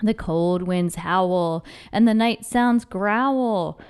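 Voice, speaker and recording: A woman reading a children's picture book aloud in a rhythmic, expressive way. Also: medium pitch, drawn-out words, clear, resonant tone. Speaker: storybook reader.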